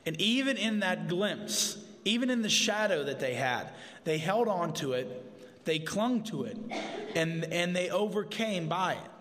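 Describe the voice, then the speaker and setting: Higher-voiced man preaching in a reverberant hall. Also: sing-song, measured pace, a bit bright. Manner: informal, with asides and humor. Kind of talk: conversational sermon. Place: church sanctuary.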